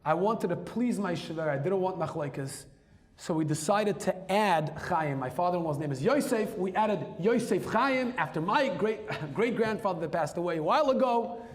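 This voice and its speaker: A man telling a personal story as a rabbi, lively and emphatic, dropping Hebrew and Yiddish terms into his English. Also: high-pitched, normal speed. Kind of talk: storytelling talk.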